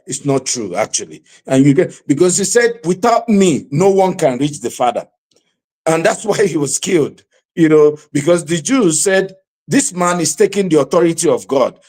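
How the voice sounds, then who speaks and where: A man's voice: a little high, a little mellow. Male host full of "you know". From Nigeria. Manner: hedging, lots of "you know". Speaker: talk show host. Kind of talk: panel talk show.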